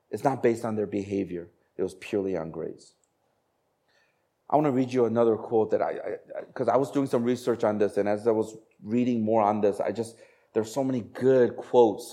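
A man's voice: on the low side, mellow. Guy preaching a sermon, talks casual, keeps asking the crowd questions. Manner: conversational preaching with rhetorical questions. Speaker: pastor.

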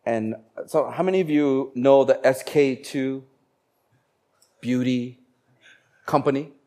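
A man preaching a sermon as a pastor, slowing down to stress key phrases and growing animated when he tells stories. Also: medium pitch. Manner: animated storytelling, bursts of laughter and acted voices; slows down for emphasis on key phrases.

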